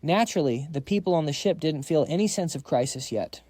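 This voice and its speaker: A man's voice: on the high side, expressive, fairly quick, a little mellow, no echo, studio quality. A man narrating a comic recap in a casual, slangy storytelling voice, reading every part himself.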